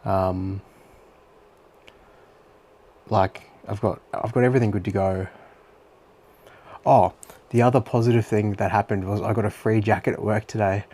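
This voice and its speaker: Young aussie bloke rambling about his day, um-ing a lot, kinda low voice. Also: fairly even intonation, moderate pace, pauses often, a little mellow. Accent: Australian. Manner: rambling and chatty, with many fillers and some swearing. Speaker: vlogger. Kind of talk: casual diary-style monologue.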